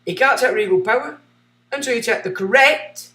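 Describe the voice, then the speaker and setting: A man's voice: very high-pitched, moderate pace, recorded from a distance. A man hosting a livestream, ranting sarcastically and reading out chat messages. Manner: ranting, sarcastic, swinging between loud and muttered. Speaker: livestream host. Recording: echoey room.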